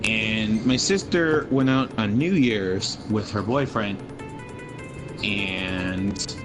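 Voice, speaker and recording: A man's voice: lowish voice, rough recording. A man in his twenties, a gaming streamer, telling a rambling, profane story over his gameplay.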